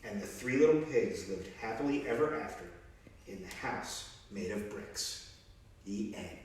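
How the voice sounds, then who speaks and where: A police officer reading a children's story aloud, expressive and animated. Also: male voice, on the low side, measured pace, recorded from a distance. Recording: very echoey room, off-mic.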